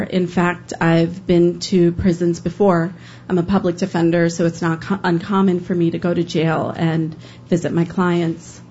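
A woman who works as a public defender, telling a personal story on stage in an earnest, halting way with fillers. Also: on the low side, darkish tone. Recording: dull lo-fi with faint noise.

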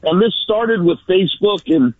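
A man's voice: high-pitched, expressive, normal speed, no room sound. A man calling in to a radio show from outdoors at work, out of breath, speaking bluntly and bitterly with many ums. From San Francisco Bay Area. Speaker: caller. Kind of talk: call-in radio comment. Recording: tinny dry phone line.

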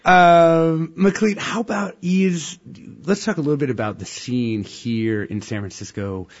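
A man's voice: fairly high pitch, measured pace, dull audio. A male host asking questions in a casual interview, thoughtful and hesitant. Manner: thoughtful, hesitant, lively intonation.

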